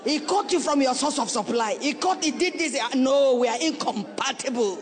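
A middle-aged woman pastor preaches to her congregation, her words pleading and earnest. At times she drops to a hushed, slowed delivery before rising again. Her voice carries a long reverb through a big church hall. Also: high voice, lively intonation, some chatter behind. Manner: earnest and pleading, with sudden drops to a soft, slow voice. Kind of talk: sermon. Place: church sanctuary.

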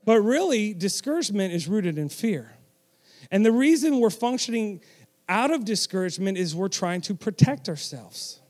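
A man's voice: high voice, very animated, moderate pace, a little mellow. A man preaching a sermon, emphatic and direct, with self-deprecating asides and call-and-response with the congregation.

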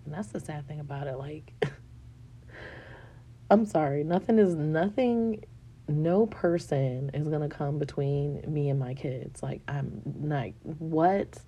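A woman in her thirties talks candidly to the camera, rambling and frank with plenty of fillers and swearing. Her voice sits low and gravelly with a mellow, darker tone. Faint room noise sits under the recording. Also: slow pace, dull audio. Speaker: vlogger. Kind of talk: candid personal venting.

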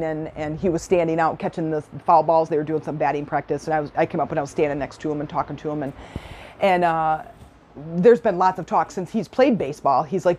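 A woman's voice: low-pitched, a little mellow. A middle-aged woman giving a chatty, enthusiastic personal-development talk, telling stories and laughing often. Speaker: self-help speaker.

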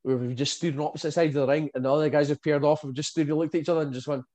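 A man's voice: fairly high pitch, steady tone, racing, darkish tone. A man chatting casually with a friend about old times, laid-back and laughing often. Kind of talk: casual chat.

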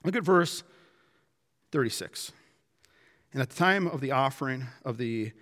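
A man preaching a sermon in a dramatic way, acting out quotes and swinging from loud to hushed. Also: mid-range voice, lively intonation, measured pace, long pauses, big-room sound. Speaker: pastor.

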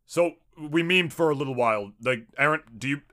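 A young man co-hosting a podcast in excitable casual chat, swearing and acting out quotes. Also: a little high, brisk. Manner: excitable, acts out quotes in put-on voices, swears. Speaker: podcast co-host.

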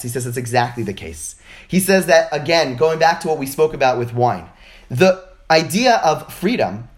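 A man teaching religious texts in an informal lecture over a video call, animated and full of rhetorical questions. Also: fairly high pitch. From United States.

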